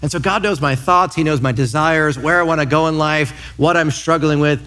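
A man in his thirties, a pastor preaching a sermon in church, telling lively stories and acting out quotes. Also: on the high side, a little fast. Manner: lively storytelling with acted-out quotes.

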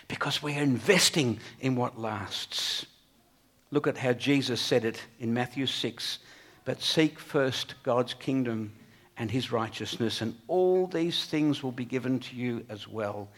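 A man preaching a sermon in an earnest way, swinging between emphatic peaks and quiet, low passages.

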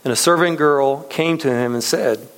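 A man in his thirties, serving as pastor, delivers a casual sermon in a mid-range voice at normal speed. He talks loosely and conversationally, with lots of fillers, restarts, and frequent chuckles. The recording quality is low.

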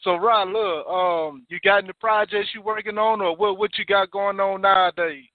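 High-voiced male radio host on phone line. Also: sing-song, creaky, no echo. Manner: upbeat, quick to chime in. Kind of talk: casual interview.

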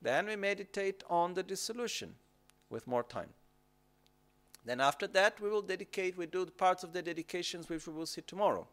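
Calm guy teaching meditation, kinda high voice, keeps asking "okay?". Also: brisk. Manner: calm, repetitive instructive phrasing, checks in with "okay?". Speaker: Buddhist teacher. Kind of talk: dharma teaching on retreat.

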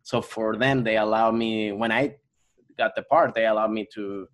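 Low-voiced Venezuelan man, rambling chat. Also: fairly even intonation, moderate pace. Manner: rambling, many restarts and fillers. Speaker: actor and comedian guest. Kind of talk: casual podcast interview.

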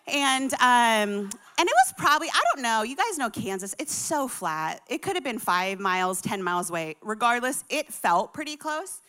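A woman in her thirties from Colorado spins a comic personal story with animated, chatty energy. Her voice is high and bright, with a sharp, lively edge. She acts out every quoted line along the way. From Colorado, USA.

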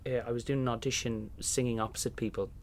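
Animated Irish man telling stories. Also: medium pitch, fast, a little hiss or hum. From Ireland. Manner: animated, acts out voices in anecdotes. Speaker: musical theatre performer. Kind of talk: casual storytelling interview.

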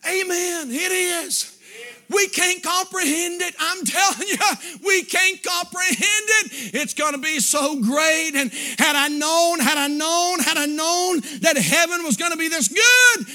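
A man preaching a sermon, impassioned and shouting at peaks, then dropping to quiet, intimate stretches. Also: extremely high pitch, measured pace. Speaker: pastor.

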